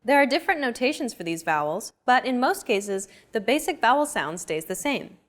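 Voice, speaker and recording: A woman hosting a language lesson, explaining pronunciation in clear, measured scripted narration. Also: a little high, sing-song. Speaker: lesson host.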